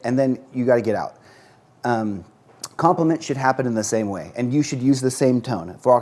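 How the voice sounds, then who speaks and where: A man's voice: medium pitch, lively intonation, brisk, darkish tone. A man chatting casually while he cooks in a kitchen, rambling and often restarting his sentences. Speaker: dental professional, cooking guest. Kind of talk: casual chat while cooking. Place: kitchen on a live show.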